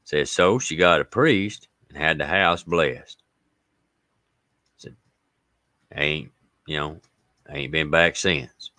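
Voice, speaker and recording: A man's voice: a bass voice, slow pace, long pauses, dry recording. A man with an Appalachian accent hosting a casual livestream, reading out viewer comments and stories in a folksy way. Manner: folksy, reads viewer comments and greets them warmly by name. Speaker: livestream host.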